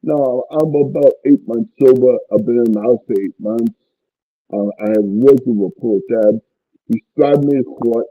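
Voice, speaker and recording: A man's voice: mid-range voice, moderate pace, no echo. A man in his sixties, an interview guest, earnestly telling his life story with emotion and repeating words for emphasis. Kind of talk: personal life story told to a host. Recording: tinny phone-like line, dry.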